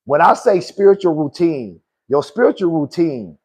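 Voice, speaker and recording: A man's voice: fairly high pitch, lively intonation, normal speed, hardly any pauses, darkish tone, breathy edge. A man hosting a motivational podcast, talking in a preachy way, repeating key lines for emphasis and calling his listeners "good people.". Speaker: podcast host and life coach.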